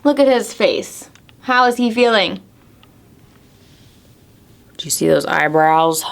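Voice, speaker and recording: A woman's voice: mid-range voice, animated, slow, creaky, a little hiss or hum. A young woman who is a children's librarian, reading a picture book aloud at a preschool storytime and asking the children encouraging questions.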